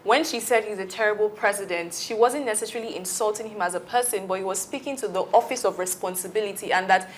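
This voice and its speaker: A woman hosting a debate panel, pausing on fillers as she frames questions and passes to the next guest. Her voice sits at an ordinary middle pitch, with a faint hiss of noise behind it. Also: rough recording. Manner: hesitant, many fillers. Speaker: host.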